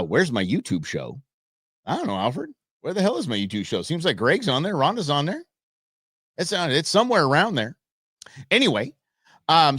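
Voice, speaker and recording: A man hosts a live commentary show, his pitch rising and falling in a lively way as he rambles and restarts his sentences. The sound is dry and close, with no room echo. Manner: rambling, chatty, many restarts. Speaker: talk show host.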